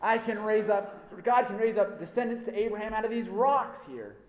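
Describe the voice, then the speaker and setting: A man's voice: high-pitched, big pitch swings, a little slow, reverberant, pitched above the performer's own voice. A man voicing a furious, wild-bearded desert prophet who scolds the crowd in a thundering, urgent rant, within a dramatized sermon.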